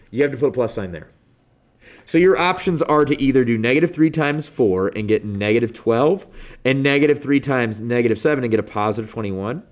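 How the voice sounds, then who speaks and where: A man with a Midwestern accent, teaching a math review lesson in a classroom, animated and joking as he talks through each step. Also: mid-range voice. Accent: Midwestern American. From Midwestern United States.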